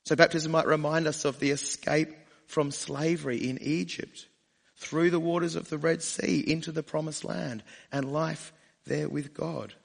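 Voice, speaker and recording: A man's voice: a little high, fairly even intonation, a little slow, vocal fry, big-room sound. A male pastor preaching a sermon in church, speaking conversationally and asking the congregation rhetorical questions.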